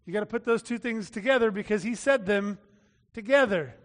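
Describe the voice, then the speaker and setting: A man preaching a sermon in a casual, talky way, acting out quotes and breaking into shouts. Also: sits high, brisk, big-room sound. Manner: conversational preaching with acted-out quotes and sudden shouts. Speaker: pastor.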